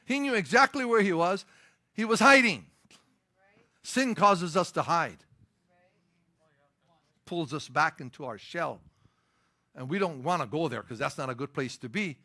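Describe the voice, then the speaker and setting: Emphatic, bright-voiced male pastor preaching. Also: a little high, lively intonation, a little slow, long pauses. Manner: emphatic preaching with rising, stressed lines and storytelling asides. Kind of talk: sermon.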